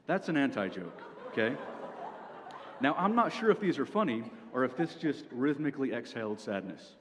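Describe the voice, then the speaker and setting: A man's voice: medium pitch, very animated, normal speed. A young man performs a stand-up set like a mock lecture, dry and methodical, tossing in "okay?" between points. His mid-range voice carries a long hall reverb with a faint hum of ambience behind it. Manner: dry, lecture-like delivery with frequent "okay?" asides. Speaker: stand-up comedian. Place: university venue with audience.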